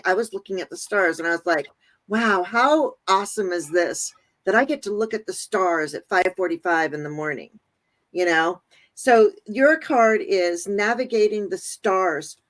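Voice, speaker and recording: A woman gives a card reading for her viewers. She talks it through as she goes, meandering and pausing to grope for words before she settles on them. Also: medium pitch, rough recording. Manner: meandering, thinks aloud, searches for words. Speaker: tarot and oracle card reader.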